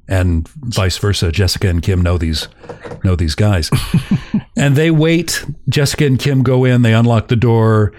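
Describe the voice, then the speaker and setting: A man's voice: fairly low pitch, darkish tone, no room sound, clean studio sound. A man hosting a podcast who recounts a story in a casual, chuckling way. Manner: chuckles while telling a story. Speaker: podcast host.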